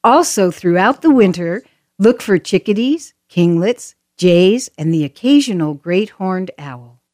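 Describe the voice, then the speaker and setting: Lively woman narrating a nature tour. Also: on the low side, a little slow, no room sound, clean studio sound. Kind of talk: scripted audio tour narration.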